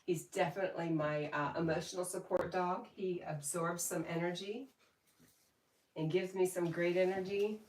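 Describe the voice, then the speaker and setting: A woman hosts a casual livestream from home, chatting, reading viewer comments aloud, and laughing often. Her voice is lowish, a little mellow, and steady at a normal pace. The room is echoey and she sounds distant from the mic.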